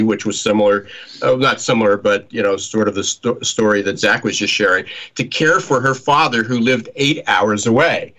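Man, podcast host, bright forceful tone, loose and friendly. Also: fairly low pitch, moderate pace, rough recording. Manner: loose and friendly, stumbling over words. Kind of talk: casual chat.

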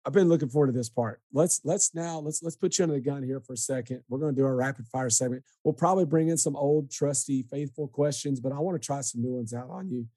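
A man hosting a podcast with a mellow, warm tone, recorded close and dry with no room around him. He speaks in an easygoing way, often stalling and repeating words before he finds his point. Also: mid-range voice, dry recording. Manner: easygoing, halting with restarts. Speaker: podcast host. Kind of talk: casual podcast interview.

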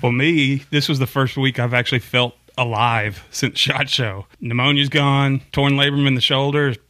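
A man's voice: medium pitch, fairly even intonation, normal speed, sharp tone, no room sound. A man hosting a casual podcast chat, joking and laughing easily. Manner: jokey, laughs often. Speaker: podcast host.

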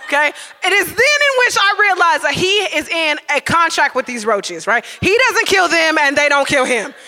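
A man tells a comic story live, animated and constantly checking in with "right?". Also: extremely high pitch, normal speed, long reverb tail, slight background noise. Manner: animated, keeps asking "right?".

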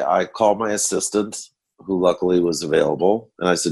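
An older man, a photographer guest, telling backstage anecdotes in an animated storytelling manner. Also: sits low, moderate pace, gravelly, breathy edge. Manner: animated storyteller acting out quotes.

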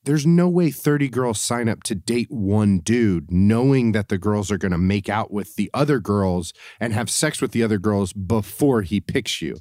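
A man's voice: on the low side, expressive, moderate pace, hardly any pauses, darkish tone, no room sound, clean studio sound. A man co-hosting a podcast in casual chat, laid-back but arguing his point and swearing. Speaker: podcast co-host.

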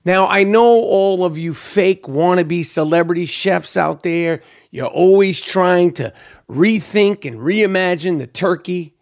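A man's voice: high voice, unhurried. A man hosting his own podcast in a brash, profane, rambling solo monologue, hyped up and talking freely. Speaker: podcast host.

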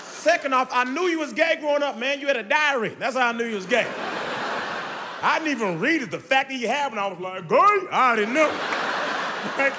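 Loud animated stand-up comedian. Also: male voice, extremely high pitch, quick pace, background noise. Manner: animated, loud, playful crowd work. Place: live show venue with audience. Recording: live stage mic, hall echo, crowd laughter.

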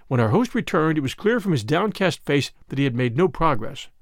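A man reading a detective story aloud with expressive storytelling. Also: on the high side, a little fast, no echo, clean studio sound. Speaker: audiobook narrator. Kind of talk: scripted narration.

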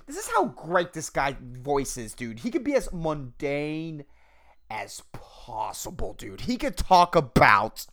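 A man hosting a solo podcast, rambling and swearing casually in a low, soft-spoken drawl, throwing in "man" and "dude". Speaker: podcast host.

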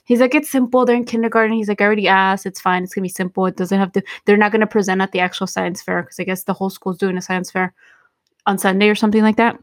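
A woman's voice: medium pitch, little pitch movement, fast talker, no echo, studio quality. A woman in her thirties co-hosting a podcast, telling a story in casual chat and dropping into Spanish. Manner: chatty storytelling, switching into Spanish. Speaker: podcast co-host.

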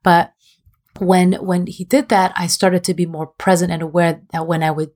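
A woman's voice: on the low side, little pitch movement, moderate pace, a little mellow. Young woman coach on a podcast, frank and self-mocking, laughs easily. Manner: open and self-deprecating, laughs often. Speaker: relationship coach, guest. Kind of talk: candid podcast conversation.

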